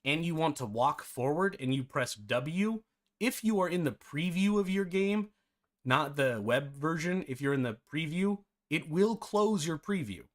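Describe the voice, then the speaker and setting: A man's voice: fairly high pitch, animated, unhurried. A man hosting a live-streamed game development tutorial, chatty and self-deprecating, often breaking into laughter.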